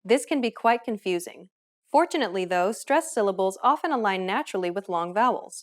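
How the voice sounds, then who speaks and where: A woman reading a scripted pronunciation lesson in a clear, explanatory manner. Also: mid-range voice, animated, brisk. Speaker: language teacher. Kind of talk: scripted instructional narration.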